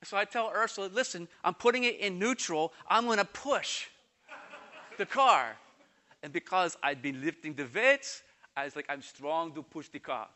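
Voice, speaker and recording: A man delivers a sermon in a high, bright voice, telling a personal story in quick, animated bursts. He slows right down whenever he reads scripture aloud. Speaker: pastor.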